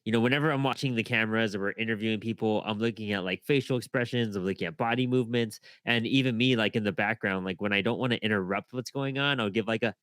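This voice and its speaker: A man who interviews guests for a podcast, speaking casually on a panel with quick quoted asides. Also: on the low side, fairly bright tone, clean tone, no echo.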